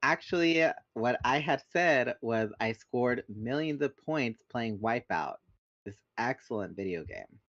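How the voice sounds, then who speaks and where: A man reads a novel aloud for a podcast, breaking off for jokes, his pitch rising and falling freely. The recording is muffled and dry, with no room sound. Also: unhurried, no echo. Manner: lively, joking asides. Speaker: podcast host reading aloud. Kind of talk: casual book read-along.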